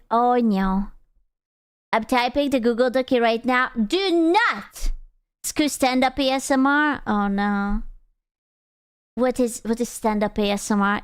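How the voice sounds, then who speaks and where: A woman's voice: a little high, clear, resonant tone, no echo. A woman streamer in casual live-stream chat, joking crudely and reacting to her chat.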